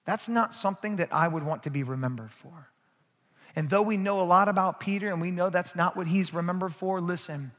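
A male pastor preaching a sermon, moving from quiet asides to loud, emphatic passages. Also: fairly high pitch, big-room sound.

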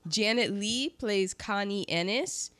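A woman co-hosting a relaxed film-chat podcast, running through cast trivia in a chatty way with quick asides. Her voice sits in a middle range and sounds dry and close, with no room around it. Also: mid-range voice, no echo. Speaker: podcast co-host presenting film facts. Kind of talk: casual chat about an old film.

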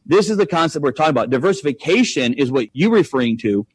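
A man's voice: on the high side, sing-song, fast talker, breathy edge, no room sound. A man talking money on a podcast, emphatic, full of rhetorical questions. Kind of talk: casual podcast chat.

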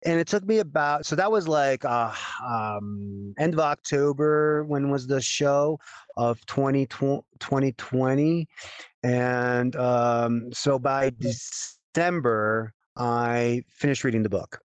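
A man's voice: medium pitch, slow, clean tone, dry recording. Guy on a podcast telling a long story, lots of acted-out quotes, dry close mic. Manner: animated storyteller, acts out quotes. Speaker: guest game developer.

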